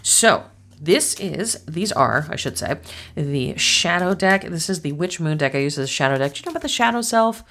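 Low-voiced chatty woman reading tarot. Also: moderate pace. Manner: chatty, rambling, animated storytelling. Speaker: tarot reader and astrologer. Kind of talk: casual tarot reading to camera.

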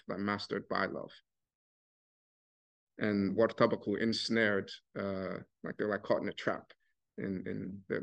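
Casual male lecturer, lo-fi recording. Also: lowish voice. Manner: casual, animated storytelling with many restarts and fillers. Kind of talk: academic talk. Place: university lecture hall.

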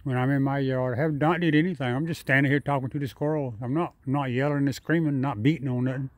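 A man's voice: fairly even intonation, quick pace, dry recording. Man coaxing squirrels outdoors. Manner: coaxing, rising higher when calling the animals. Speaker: vlogger. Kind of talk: casual outdoor vlog, talking to squirrels. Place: his own yard, outdoors. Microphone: phone camera.

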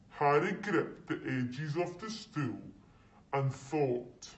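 A man reading a children's novel aloud in a slow, deliberate storytelling manner at a school. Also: a little high, expressive. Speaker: masked reader. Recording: roomy echo, distant mic.

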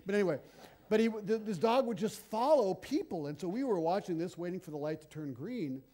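A middle-aged man preaching a sermon, telling stories in an animated, conversational way. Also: sits high, brisk.

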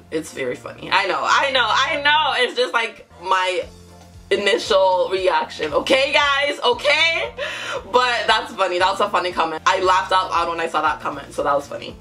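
A young woman hosting a casual reaction vlog, giggling often and breaking into high exclamations. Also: expressive, normal speed, pushed and bright, soft background music. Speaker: YouTube reaction host.

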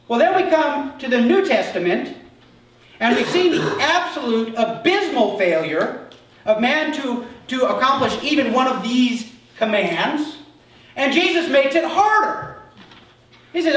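A man's voice: very high voice, expressive, slow pace, a bit bright. A male pastor preaching a conversational sermon, acting out little dialogues as he goes. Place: church sanctuary. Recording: echoey church hall, mic far off.

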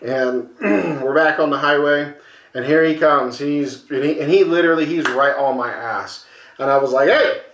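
A man with a slightly high voice spins a rowdy road-trip tale for his co-host, swearing freely and mimicking each character. The talk is loose and conversational. His voice rings around a reflective room. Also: normal speed, echoey room. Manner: animated storyteller, acts out voices, swears freely. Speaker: podcast co-host. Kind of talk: casual storytelling over a beer.

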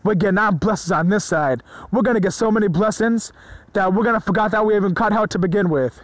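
A man preaching to his viewers in an excited, informal way, often stumbling over his words and swearing freely. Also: high-pitched, fast talker, no room sound, rough recording. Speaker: religious video preacher. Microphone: phone or screen recorder mic.

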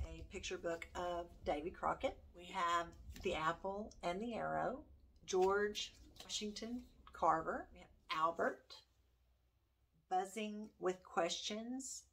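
Slow-talking older Southern woman. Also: lowish voice, a bit bright, a little hiss or hum. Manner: chatty, folksy, reads book titles aloud. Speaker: homeschooling vlogger. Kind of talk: casual chat to camera.

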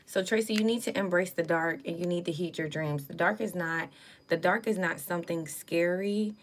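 A woman's voice: lowish voice, moderate pace, a little hiss or hum. A woman giving a casual livestream tarot reading, chatting with viewers in slang and swearing now and then. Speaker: live tarot card reader.

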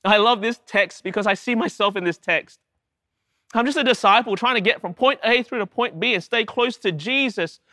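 A man's voice: sits high, sharp tone, no echo, studio quality. A man preaching a sermon to his congregation, emphatic, with repeated rhetorical questions. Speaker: pastor.

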